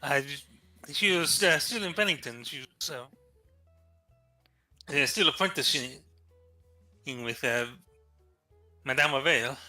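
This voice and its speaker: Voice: medium pitch, lively intonation, slow pace, pauses often, sharp tone, faint music behind. A player in a tabletop game, speaking hesitantly with many fillers. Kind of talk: casual tabletop play.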